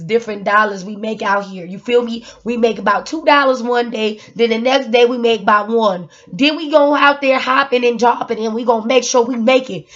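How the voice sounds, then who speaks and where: Rambling woman, high voice, dull lo-fi phone sound, casual motivational talk. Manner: rambling, laughing, swings from loud to hushed. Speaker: motivational vlogger.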